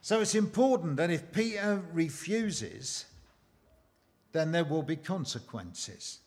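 Slow, emphatic higher-voiced male preacher. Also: sing-song, darkish tone. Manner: slow and emphatic, with dramatic pauses and rhetorical questions. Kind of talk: sermon.

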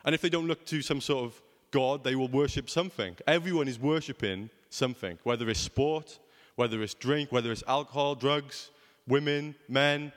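A man's voice: mid-range voice, moderate pace, few pauses, big-room sound. A young man preaching a sermon in a conversational way, often asking rhetorical questions.

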